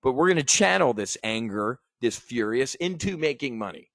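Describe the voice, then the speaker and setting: A man's voice: medium pitch, lively intonation, normal speed, no room sound, clean studio sound. Angry stammering American man ranting. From United States. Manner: angry, emotional, stammering restarts, swearing. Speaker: trading educator. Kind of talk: impassioned rant to viewers.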